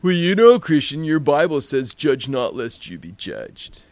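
A man's voice: fairly high pitch, sing-song, measured pace. A man voicing a stoned young man who mocks Christians in a druggy drawl. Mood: mocking.

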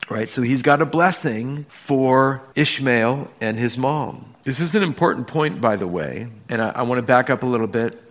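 A middle-aged pastor preaching a sermon, telling a story and acting out bits of dialogue with shifting emphasis. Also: male voice, medium pitch.

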